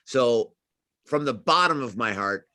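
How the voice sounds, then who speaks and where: Brief: male host, effusive showman, mid-pitched voice, dry sound. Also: animated, a little slow, bright, forceful tone, no room sound. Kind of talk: interview host wrap-up.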